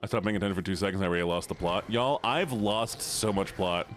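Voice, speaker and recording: A man's voice: low voice, fast, slight background noise. A man live streaming a game, talking casually and rambling in a jokey way with his chat.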